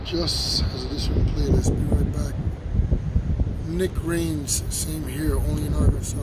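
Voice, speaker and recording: A man live-streaming as he walks a city street, talking loudly and excitably, laughing and swearing often. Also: a little high, unhurried. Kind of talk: casual live-stream vlog. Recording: noisy street with passing traffic. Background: traffic noise.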